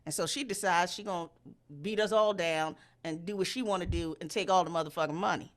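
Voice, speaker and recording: A woman telling a story in casual chat, animated and profane, and she jumps into loud high voices when she quotes people. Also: a little fast. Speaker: storyteller host.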